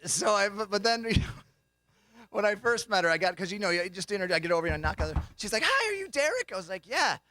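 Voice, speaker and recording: A man's voice: high-pitched, steady tone, fast talker, pushed and bright, no echo. A young man doing a comedy routine as a banquet speaker, telling jokey stories and acting out the voices of people in them. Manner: jokey storytelling, acts out quoted voices. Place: banquet hall.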